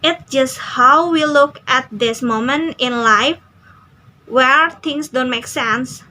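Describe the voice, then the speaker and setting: Slow, bright-voiced young woman. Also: high voice, poor audio. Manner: careful reading with small slips and restarts. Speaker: student. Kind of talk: reading an interview transcript aloud.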